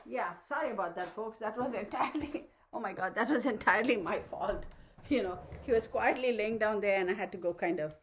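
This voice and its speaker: A woman's voice: medium pitch, brisk, slight background noise. Chatty woman tarot vlogger. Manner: chatty, laughs often, baby-talks to her dog. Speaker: tarot reader, channel host. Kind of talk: casual chat to viewers.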